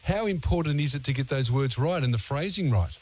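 A man's voice: medium pitch, expressive, brisk, a little mellow. A man hosting an overnight radio interview, asking long, hesitant questions full of fillers. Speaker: radio host.

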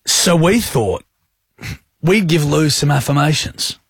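Deadpan Australian radio host, man. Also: on the high side, takes it slowly, creaky, slightly rough, no echo. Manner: dry, teasing, deadpan roasts. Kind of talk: casual radio banter.

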